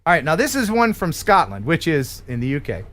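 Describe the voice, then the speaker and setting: A man's voice: fairly high pitch, a little fast. An American man hosting a live-stream quiz, laughing and chatty as he reads out words. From United States. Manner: lively, laughing quizmaster. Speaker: host.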